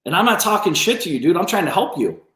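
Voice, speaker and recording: A man's voice: sits high, big pitch swings, fast talker, a bit bright. A man hosting a business coaching livestream, ranting bluntly and confrontationally with lots of swearing. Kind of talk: livestream rant. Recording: roomy echo.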